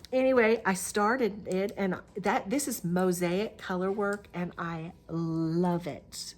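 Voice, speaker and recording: A woman's voice: medium pitch, fairly even intonation, slow. A middle-aged woman chats through a casual show-and-tell crafting vlog. She rambles, restarts her sentences and fills gaps with "um". It sounds like a camera mic in her crafting room at home. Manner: chatty, rambling, with many fillers and restarts. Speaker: Flosstube host.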